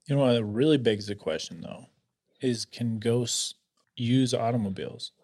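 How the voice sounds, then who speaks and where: A man co-hosting a podcast, throwing in deadpan questions and quips. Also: mid-range voice, moderate pace. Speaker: podcast co-host. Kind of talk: casual chat.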